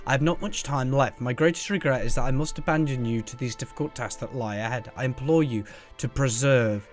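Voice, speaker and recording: A man's voice: medium pitch, a little fast, soft background music, close to an everyday voice. A man voicing a dying old professor's farewell letter in a solemn, formal tone with a vague put-on foreign accent.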